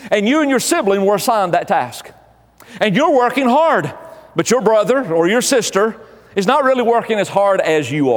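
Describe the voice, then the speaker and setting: Preacher, male, high voice, emphatic repetition, reverberant church hall. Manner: emphatic preaching with repeated phrases. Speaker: pastor. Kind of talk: sermon.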